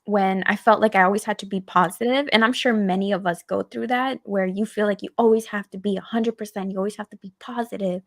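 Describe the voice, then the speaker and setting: A woman's voice: medium pitch, no room sound. Woman co-host just chatting, lots of likes and ums, dry close sound. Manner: rambling, filler-heavy, emphatic. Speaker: podcast co-host. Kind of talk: casual chat.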